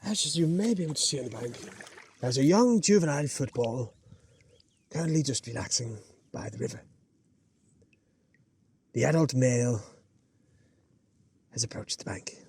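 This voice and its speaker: A man voicing a hushed male wildlife documentary narrator, slow and mock-solemn, outdoors on a river. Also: medium pitch, expressive, a little hiss or hum, voice pushed down, close to an everyday voice.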